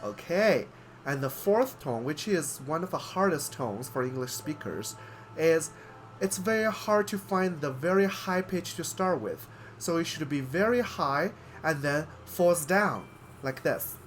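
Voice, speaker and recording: A man hosting a lesson on speech sounds, slowly demonstrating tones on drawn-out vowels. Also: on the high side, expressive, a little hiss or hum. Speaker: host and language teacher. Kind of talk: pronunciation lesson.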